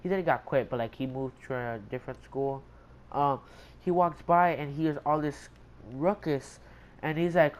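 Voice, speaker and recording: A man's voice: fairly high pitch, normal speed, rough recording. A young man telling a rambling, profane story in casual slangy chat.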